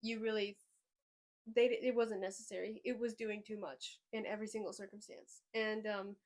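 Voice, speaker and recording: A woman hosting a podcast in casual chat, rambling and excitable, often trailing off mid-sentence. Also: mid-range voice, moderate pace. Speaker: podcast host.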